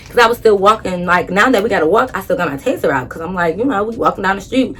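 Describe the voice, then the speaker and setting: A woman vlogger telling a story in a casual, animated, blunt way, swearing freely. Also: mid-range voice, fast, husky.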